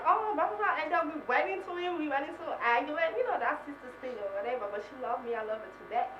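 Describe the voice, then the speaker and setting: A woman contestant giving a self-introduction speech, in a flat, low-key voice with sudden high squeals. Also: fast, few pauses, lo-fi sound. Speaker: reality show contestant. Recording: echoey room from far off, noisy.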